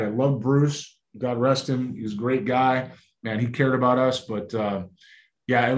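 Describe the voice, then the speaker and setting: A man, a former baseball scout, telling stories in casual chat and acting out the voices of people he talked to. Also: mid-range voice. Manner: animated storyteller acting out phone calls. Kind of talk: casual storytelling.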